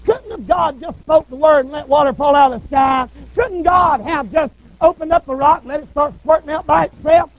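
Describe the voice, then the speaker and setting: A man's voice: very high-pitched, normal speed, hardly any pauses. A man preaching a sermon in a folksy, humorous storytelling manner. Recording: dull lo-fi recording.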